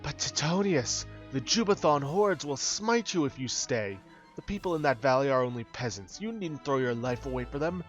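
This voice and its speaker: A man voicing a breathy, lovesick female elf with a lilting, wailing delivery. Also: medium pitch, animated, normal speed, muffled recording, soft background music, lightly acted. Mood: pleading.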